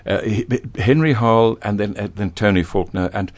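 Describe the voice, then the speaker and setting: An older veteran broadcaster, speaking as an interview guest, telling stories animatedly with frequent stammering restarts. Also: male voice, on the low side, normal speed. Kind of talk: interview conversation.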